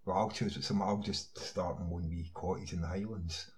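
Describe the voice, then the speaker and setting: A man's voice: low-pitched, steady tone, moderate pace, darkish tone, low-quality recording. A man in a ranting online monologue, insistent, firing rhetorical questions and filling gaps with "you know". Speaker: online commentator.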